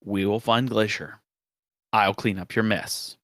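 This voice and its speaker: A man's voice: on the low side, fairly even intonation, measured pace, a bit bright, dry recording, clean studio sound. A man voicing a defiant young male hero with electric powers, speaking coldly and with determination. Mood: determined.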